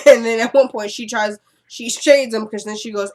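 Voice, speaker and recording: A woman's voice: a little high, fairly even intonation, moderate pace, darkish tone. A woman recapping a TV drama episode in a casual, chatty way, acting out the characters' lines while she has a cold. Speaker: TV recap vlogger. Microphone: camera.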